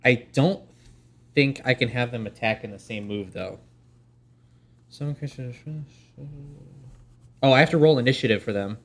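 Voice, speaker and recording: A man's voice: medium pitch, moderate pace, pauses often. Man thinking aloud over game rules. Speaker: player. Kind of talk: casual tabletop role-play chat.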